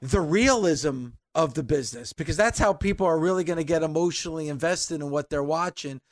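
A man's voice: a little high, a little fast, dry recording, clean studio sound. A man hosting a podcast who sums up the talk and reads the outro in an earnest, polished way. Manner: earnest, polished, thanking and wrapping up. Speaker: podcast host.

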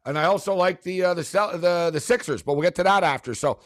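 A man's voice: high-pitched, fast talker, no echo. Man hosting sports picks, dry sound. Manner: rambling, with many fillers and restarts. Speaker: sports betting show host. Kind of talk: casual sports betting talk.

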